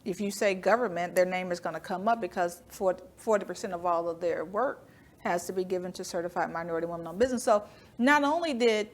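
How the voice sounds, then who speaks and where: A woman guest in a business interview, telling lively stories and acting out the dialogue. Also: lowish voice, fast. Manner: animated storyteller, acts out dialogue, laughs often. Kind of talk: storytelling interview talk. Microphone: studio microphone.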